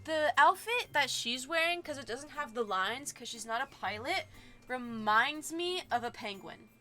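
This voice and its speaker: A young woman streamer reading a game's story aloud, bubbly and excitable with gushing asides. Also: high voice, unhurried, soft background music. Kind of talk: reading a visual novel aloud with commentary.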